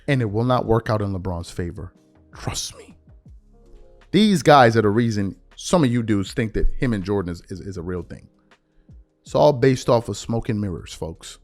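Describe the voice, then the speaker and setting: Emphatic man ranting about sports. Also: mid-range voice. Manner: emphatic, repeats rhetorical questions. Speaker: sports commentary podcaster. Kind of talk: opinionated sports rant.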